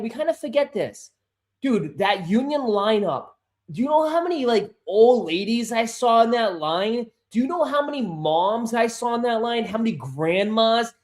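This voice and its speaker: Frustrated, swearing man streaming live. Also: high-pitched. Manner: swearing, easily frustrated, calls viewers bro and dude; gets loud and insistent when making a point. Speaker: sneaker livestream host. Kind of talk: casual live-stream chat. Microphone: desk microphone.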